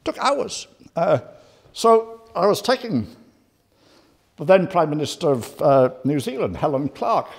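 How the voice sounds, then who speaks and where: An older man giving a humorous lecture, hesitant with many "uh"s and dry, deadpan humour. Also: on the high side. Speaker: guest speaker.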